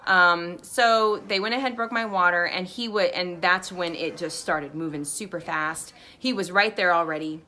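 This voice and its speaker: A young woman casually telling a personal story, chatty and lively, often acting out what others said. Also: fairly low pitch, normal speed, hardly any pauses, slight background noise. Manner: chatty, animated quoting of others, frequent "like". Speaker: vlogger.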